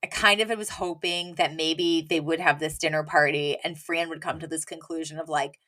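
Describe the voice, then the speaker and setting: A woman's voice: low-pitched, fairly even intonation, normal speed, bright, forceful tone. A woman co-hosting a podcast, recapping an episode in casual chat, animatedly quoting characters and laughing often. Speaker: podcast co-host.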